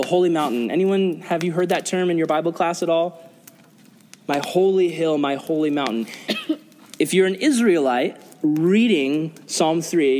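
A man's voice: on the high side, a little mellow. A young man preaching a sermon to a youth group, earnest, often asking the audience questions. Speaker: youth pastor. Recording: long reverb of a hall.

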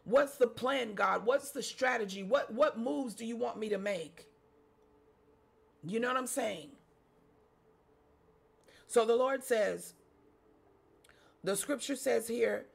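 Slow, gravelly-voiced preacher. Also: mid-range voice, expressive. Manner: repeats phrases, asks the congregation rhetorical questions. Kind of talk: sermon with scripture reading.

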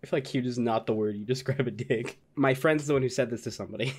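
A man's voice: medium pitch, fast, a little hiss or hum. A man co-hosting a podcast, telling rambling stories in casual chat and laughing often. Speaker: podcast co-host.

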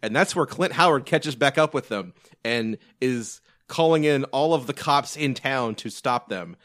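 A man's voice: medium pitch, lively intonation, a little slow, a bit bright, dry recording. A man rambles through a casual movie podcast chat. He restarts often and swears now and then, in a dry, close recording. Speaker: podcast co-host.

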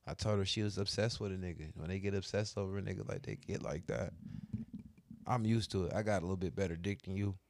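A man's voice: low voice, fast, dry recording. A man in casual chat who cuts in with slangy, joking remarks and hype.

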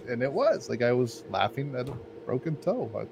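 A man's voice: mid-range voice, very animated, moderate pace, vocal fry. Rambling, laid-back male podcast storyteller. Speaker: podcast co-host. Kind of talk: casual podcast chat. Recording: faint background noise.

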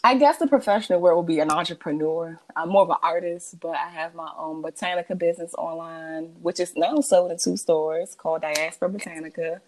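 Calm, low-voiced woman guest from D.C. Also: brisk, hardly any pauses, poor audio. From Washington, D.C. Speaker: guest, entrepreneur and herbalist. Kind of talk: casual podcast interview.

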